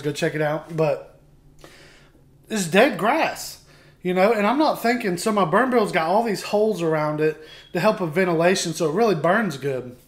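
A middle-aged man, telling a rambling, self-mocking homestead story to his viewers in a casual, animated way. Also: sits high. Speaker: homestead vlogger.

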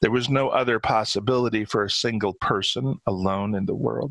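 A man reading his own short story aloud with steady, dramatic narration. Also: medium pitch, moderate pace, few pauses, dry recording, rough recording. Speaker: author.

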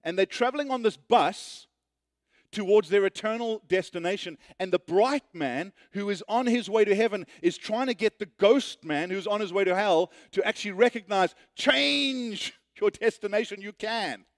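Pastor guy preaching, kinda high voice, dry close sound, gets quiet for the point. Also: normal speed, dry recording. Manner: earnest storytelling, rising then hushed. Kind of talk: sermon.

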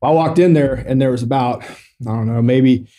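In a podcast studio, a middle-aged male military veteran with a warm, mid-range voice tells a personal story during an interview. He jokes matter-of-factly about serious things, speaking loosely and haltingly with lots of fillers.

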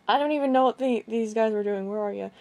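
A young woman vlogging casually about a chat exchange, rambling and halting with many restarts. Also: fairly high pitch, gravelly, a little mellow. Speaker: gaming video creator. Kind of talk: casual vlog recounting a chat.

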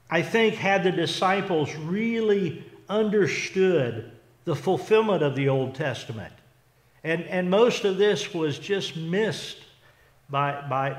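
A pastor delivers a sermon in a slightly high-pitched male voice, speaking with deliberate slowness. He is earnest and often stumbles, restarting and repeating words. The sound carries the echo of a church sanctuary. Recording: echoey church hall.

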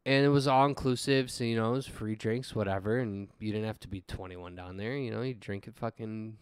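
A man's voice: on the low side, brisk, smooth, dry recording. A man in his thirties, a podcast co-host, telling a rowdy story in casual chat, swearing a lot and breaking into laughter.

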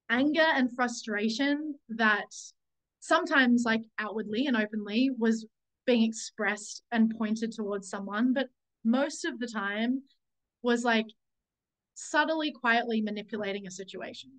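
A woman's voice: a little high, a bit bright, low-quality recording. A woman sharing a personal story on a group call, searching for her words, correcting herself often and swearing now and then. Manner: searching, self-correcting, many "like"s; candid, swears when recalling anger. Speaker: summit speaker.

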